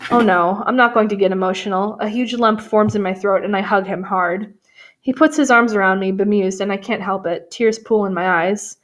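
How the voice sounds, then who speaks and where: A woman's voice: medium pitch, moderate pace, fairly bright tone. Woman wryly reading a novel aloud. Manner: wry, sarcastic asides between read passages. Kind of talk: comedic dramatic reading with commentary.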